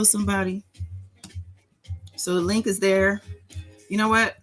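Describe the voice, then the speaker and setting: Slow sing-songy woman hosting a live chat. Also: medium pitch, little pitch movement, fairly bright tone, soft background music, poor audio. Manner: sing-songy, greets chat members by name. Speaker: livestream host.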